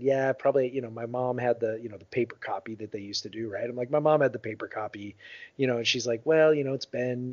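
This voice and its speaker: A man in his thirties, co-hosting a podcast, telling a long anecdote in casual chat, with many fillers and lively voiced quotes. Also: mid-range voice, dry recording. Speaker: podcast co-host. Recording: dull lo-fi podcast audio.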